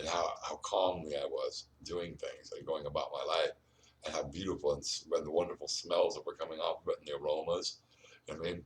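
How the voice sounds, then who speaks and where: A low-voiced male vlogger at home talks rapidly in a rambling personal monologue, sitting back from a distant mic on a rough recording with a little hiss or hum. Earnest and preachy, he urges the listener, restarts often, and keeps repeating "you know what I mean."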